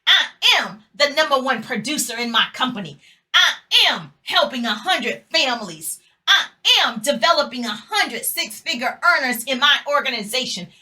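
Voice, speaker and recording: High, bright-voiced motivational woman speaker. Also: expressive, normal speed. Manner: emphatic, repetitive call-and-response exhortation. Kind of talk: motivational talk to an audience.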